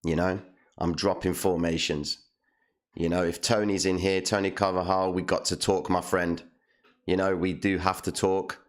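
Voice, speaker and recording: A man's voice: low voice, level tone, moderate pace. A man hosting a casual live stream, talking in a hyped, slangy way and repeating his phrases, on a condenser mic. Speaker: livestream host.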